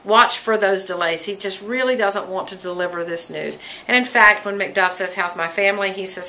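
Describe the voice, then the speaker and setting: A woman's voice: mid-range voice, moderate pace, hardly any pauses, pushed and bright, low-quality recording. A woman teaching a class, reading quoted lines from a play and paraphrasing them in plain, everyday words. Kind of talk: lecture walking through a play.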